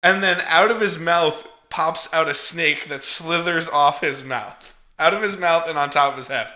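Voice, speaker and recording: Bright-voiced man, chuckling film recap. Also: a little high, moderate pace, echoey room. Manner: profane, chuckling storyteller. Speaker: podcast co-host recapping a film.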